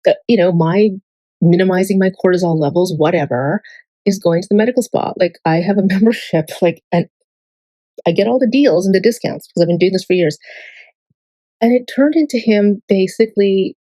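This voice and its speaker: A woman's voice: mid-range voice, a little fast, mellow, no room sound, poor audio. A woman vlogger talking in a casual, rambling monologue, full of fillers and freely swearing. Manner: filler-heavy, digressive.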